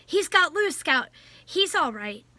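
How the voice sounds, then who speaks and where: A woman's voice: sits high, expressive, unhurried, bright, forceful tone, dry recording, heavily acted. Protective young boy, read by a woman. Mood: alarmed. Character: anxious boy, protective older brother.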